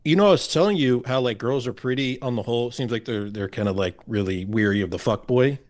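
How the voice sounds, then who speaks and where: A man in a relaxed podcast conversation, talking quickly at a middle pitch. He chimes in casually and laughs often.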